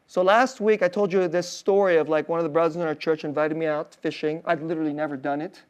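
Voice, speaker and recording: A male pastor preaching a sermon in a casual, storytelling way, full of fillers and soft laughs, dropping to a hushed tender voice on emotional points. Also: high-pitched, clear, resonant tone.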